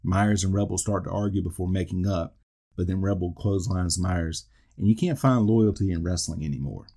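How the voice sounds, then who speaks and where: A low-pitched man with a dark, husky voice talks through a wrestling match move by move. He tosses in dry jokes and asides as he goes, in the steady manner of a podcast host. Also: moderate pace. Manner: dry asides and wisecracks between call-outs. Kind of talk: play-by-play recap of an old wrestling event.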